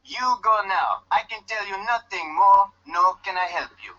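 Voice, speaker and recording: A man's voice: sits high, normal speed, bright, forceful tone. An actor with a put-on Jamaican accent playing a guarded loner fisherman stranded on an island, stiff and curt with no contractions, in dull lo-fi game audio. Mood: gruff.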